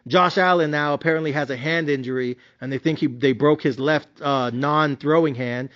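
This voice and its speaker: A man's voice: on the high side, steady tone, moderate pace, fairly bright tone, highs cut off. A man giving a blunt, profane, slangy rant reviewing his sports bets. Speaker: sports betting commentator.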